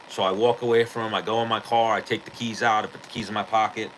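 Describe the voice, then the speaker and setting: A man's voice: lowish voice, fairly even intonation, quick pace, hardly any pauses, fairly bright tone, a little hiss or hum, rough recording. A man hosting a podcast, telling a story in casual, rambling chat full of swearing and "like". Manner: rambling, profane, heavy on "like". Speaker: podcast host.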